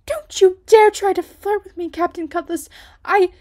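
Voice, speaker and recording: A woman's voice: medium pitch, moderate pace, natural voice. A woman doing a fiery young pirate lady. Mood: indignant. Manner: indignant, loud outbursts.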